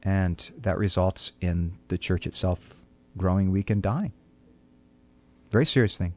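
A man's voice: sits low, a little slow, mellow. A man, a pastor on a call-in radio talk show, answering questions in an earnest, preacherly way and often repeating words as he starts a thought.

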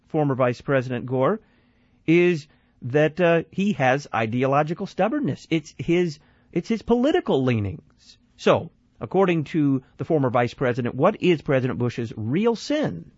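A man's voice: a little high, big pitch swings, normal speed, a little mellow, no room sound. A man hosting a call-in radio show, questioning and commenting, repeating the phone number. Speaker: radio talk show host. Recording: dry, slightly dull studio sound.

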